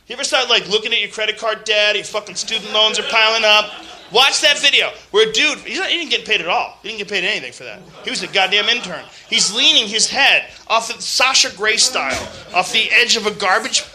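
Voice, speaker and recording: A man's voice: sits high, lively intonation, fairly quick, bright, forceful tone. A man hosting a podcast in a casual, profane comedic rant, laughing and mocking other people's voices. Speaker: podcast host.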